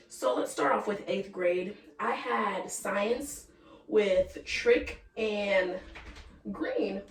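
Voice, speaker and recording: A woman's voice: mid-range voice, recorded from a distance. Young woman, casual storytime, frank, chatty, swears, talks to viewers, set back from the mic, roomy echo. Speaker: vlogger.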